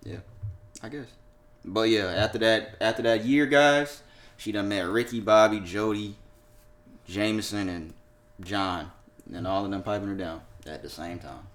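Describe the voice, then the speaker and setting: Reading headlines aloud between laughs and curses, a young man co-hosts a podcast in a loose, casual chat. He has a lowish, slightly bright voice and takes his time.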